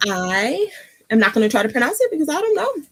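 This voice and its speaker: A woman's voice: sits high, sing-song, fast, a bit bright, slight background noise. A woman hosting a casual live stream, a little out of breath and chatty, laughing often. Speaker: host.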